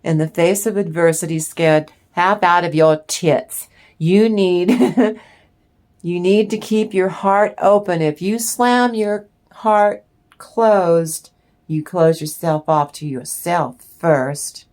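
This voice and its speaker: A woman's voice: on the low side, slow pace, darkish tone. A woman giving a channeled tarot reading in a blunt, emphatic way, with swearing. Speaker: tarot reader.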